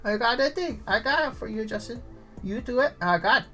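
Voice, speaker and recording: A man's voice: very high-pitched, lively intonation, brisk, pushed and bright, soft background music, exaggerated voice. A man voicing a needy, dramatic female pet dog that whines, pleads and guilt-trips. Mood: excited. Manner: whiny, pleading and guilt-tripping.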